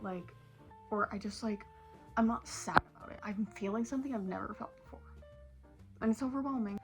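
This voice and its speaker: Over loud music, a late-teen woman speaks at a moderate pace in a slightly high voice. Sitting in her bedroom, she records a tearful, casual vlog, rambling emotionally and peppering her speech with "like."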